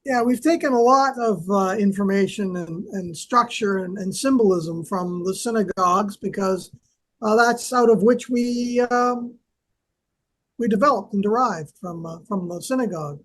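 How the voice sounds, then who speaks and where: Halting, explanatory scholar. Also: male voice, sits high, a bit bright. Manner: hesitant, lots of fillers, explanatory. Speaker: co-host, archaeology scholar. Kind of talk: casual educational discussion.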